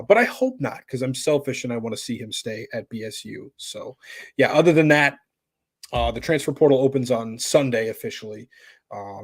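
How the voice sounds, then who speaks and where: A man's voice: mid-range voice, no room sound. A man co-hosting a podcast, chatting casually about college hockey in a laid-back, rambling way with lots of fillers. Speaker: podcast co-host. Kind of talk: casual sports chat.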